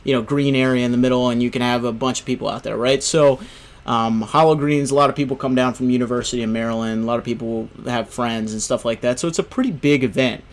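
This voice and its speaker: A man's voice: medium pitch, fairly even intonation, fast talker. Rambling young man telling a story. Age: young adult. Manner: rambling, full of "you know" and "right?". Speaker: gaming video host. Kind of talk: casual storytelling commentary.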